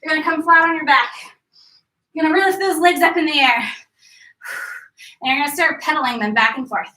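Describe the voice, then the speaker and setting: A woman's voice: high voice, brisk, sharp tone. A woman leading a live workout class, chatty and joking while she tells a story and counts reps aloud. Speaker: fitness instructor. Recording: echoey room, distant mic.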